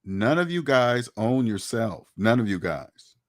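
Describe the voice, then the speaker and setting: A man's voice: lowish voice, big pitch swings, a little slow. A man giving casual, blunt commentary on money and taxes, lecturing his viewers with many rhetorical questions. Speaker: finance commentator. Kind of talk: casual opinionated talk to camera.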